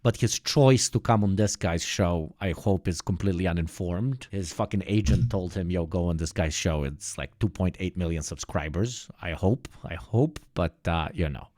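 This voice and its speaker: A man's voice: sits low, normal speed, few pauses, darkish tone, no echo, clean studio sound. A man streaming live, reacting to clips with profane, ranting commentary.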